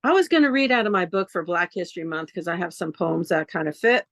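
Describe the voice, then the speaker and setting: Woman poet, earnest measured reading, phone on a video call, dry close sound. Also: on the low side, lively intonation, dry recording. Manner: earnest, measured reading of list poems and haiku. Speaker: open mic poet. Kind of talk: poetry reading and casual chat.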